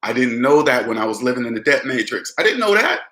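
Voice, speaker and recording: A man's voice: mid-range voice, big pitch swings, fast, bright, forceful tone, reverberant. A man casually talking to the camera about personal finance, repeating phrases and calling the listener "man".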